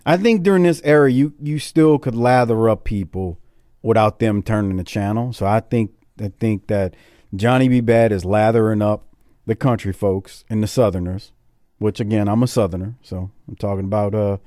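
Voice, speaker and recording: A middle-aged man with a Southern US accent hosts a casual wrestling review, talking in an animated way with laughs and repeated words. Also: lowish voice, moderate pace, no echo, clean studio sound. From Deep South, US. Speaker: podcast host.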